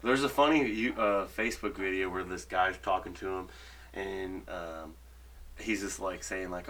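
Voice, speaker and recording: A man's voice: low-pitched, a little slow, fairly bright tone. A man chatting casually as podcast co-host, telling stories and acting out the people in them. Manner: storyteller acting out phone calls. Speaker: podcast co-host, window cleaner. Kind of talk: casual chat.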